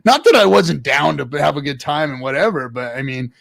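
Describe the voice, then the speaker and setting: A man on a casual podcast telling a story, animated and swearing a lot, acting out others' voices loudly. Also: on the high side, brisk, vocal fry, dry recording. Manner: animated, loud quoted voices, swears often. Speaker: podcast co-host.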